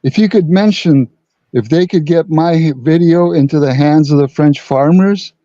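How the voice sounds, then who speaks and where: Mellow-voiced earnest caller on a dull line. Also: male voice, fairly high pitch, normal speed, no echo. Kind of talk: casual call-in talk.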